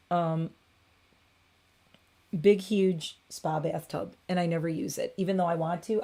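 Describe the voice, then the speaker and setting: A woman's voice: on the low side, mellow. Chatty woman on a home livestream. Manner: chatty, rambling, coos at her cat. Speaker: beauty livestream host. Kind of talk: casual livestream chat. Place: home bathroom.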